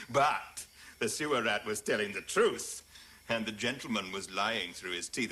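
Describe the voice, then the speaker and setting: A man's voice: mid-range voice, sharp tone. An actor playing a wealthy dinner host who mocks his guests in a sardonic rant. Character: scornful wealthy male host, bullying and sarcastic. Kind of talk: film drama acting.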